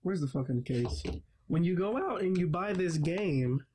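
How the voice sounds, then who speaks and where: A man's voice: high-pitched, expressive, unhurried, warm tone, a little hiss or hum. A man hosting a gaming channel, giving a frustrated, profane, rambling game review. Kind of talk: casual ranting game review.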